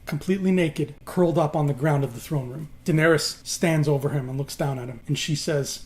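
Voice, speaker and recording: A man casually retelling a story scene by scene, animated and repeating words for emphasis. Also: a little high, brisk, few pauses. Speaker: host. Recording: noisy background hiss.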